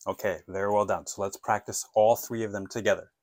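A man teaching an English lesson, modeling phone phrases clearly and patiently asking listeners to repeat after him. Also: on the low side, steady tone, fairly quick, a little mellow, no echo.

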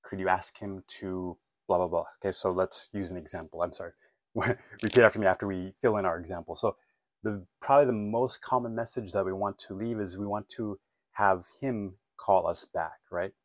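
A man's voice: fairly low pitch, moderate pace, no room sound, clean studio sound. A man teaching an English lesson, patiently walking learners through phrases and asking them to repeat after him. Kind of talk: online language lesson.

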